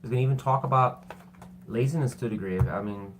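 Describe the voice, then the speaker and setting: A man giving a casual tarot reading, rambling and loose with many fillers, and quick to apologize and poke fun at himself. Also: mid-range voice, a little hiss or hum. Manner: self-deprecating and apologetic. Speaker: tarot reader.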